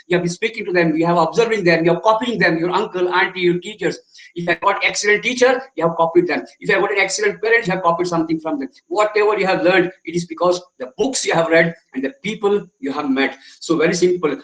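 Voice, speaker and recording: A man's voice: high voice, fairly bright tone, roomy sound, low-quality recording. A man, a memory trainer giving an online webinar lecture, who repeats his phrases and keeps asking the audience questions. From India.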